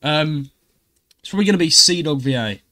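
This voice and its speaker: A man's voice: a little high, animated, a little fast, pushed and bright. A man co-hosting a gaming podcast in casual chat, rambling with many fillers and restarts. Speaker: podcast co-host and streamer.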